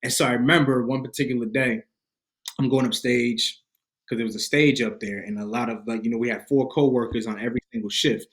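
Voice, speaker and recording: A young man from Rhode Island, a podcast guest and motivational speaker, telling a personal story in an animated, emphatic, slangy way. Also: medium pitch, brisk.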